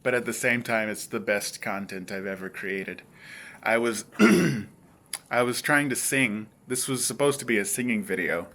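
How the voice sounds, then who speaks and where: A man's voice: on the low side, measured pace, sharp tone. A young man vlogging in a rambling, self-mocking monologue with frequent hesitations.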